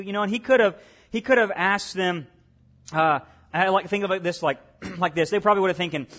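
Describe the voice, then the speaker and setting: Male pastor, high voice, conversational sermon delivery with rhetorical questions. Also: a little fast, a bit bright. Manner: conversational preaching, rhetorical questions, acts out quotes.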